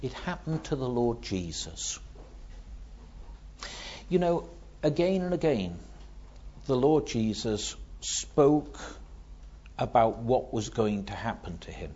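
A man preaching a sermon, dramatic, swinging from hushed words to loud ones. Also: medium pitch, expressive, takes it slowly, long pauses, breathy edge, muffled recording.

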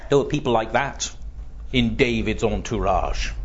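Slow, earnest male preacher, lo-fi. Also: fairly low pitch. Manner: slow, earnest, voice drops to near-whisper when quoting. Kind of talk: sermon. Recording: dull lo-fi recording.

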